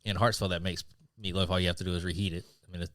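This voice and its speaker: A young man from South Carolina co-hosts a casual podcast and rambles happily through stories. He talks fast in a deep voice. The sound is dry and close-miked. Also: flat delivery, fairly bright tone, no room sound. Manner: storytelling, rambling. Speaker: podcast co-host. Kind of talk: casual chat.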